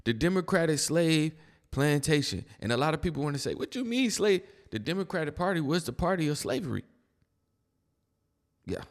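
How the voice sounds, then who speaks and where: A man's voice: a little high, animated, brisk, pauses often. Blunt slangy man reacting, reverberant room. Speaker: commentator. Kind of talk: casual reaction commentary.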